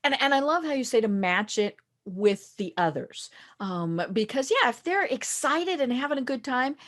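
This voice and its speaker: A woman hosting a podcast interview, lively and quick, chatting casually and easily wound up. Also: high voice. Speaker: podcast host.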